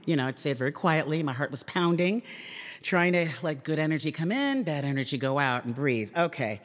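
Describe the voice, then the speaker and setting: A woman comedian giving a talk, telling a wry, self-deprecating story to a live audience with lively jumps in pitch. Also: brisk. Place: large public hall. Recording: long reverb in a large hall.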